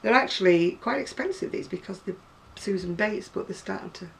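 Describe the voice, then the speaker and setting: A woman's voice: medium pitch, a little fast, gravelly, far from the mic, a little hiss or hum. A woman in her sixties with a northern English accent, chatting casually and rambling to camera about her crafts, often laughing. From North West England. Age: 60s. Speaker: craft seller.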